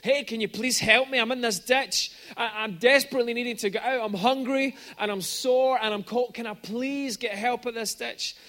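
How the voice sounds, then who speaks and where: A man's voice: very high voice, fairly even intonation, normal speed, voice pushed up. A man voicing a desperate, pleading man stuck in a ditch, urgent and raised, inside a sermon story.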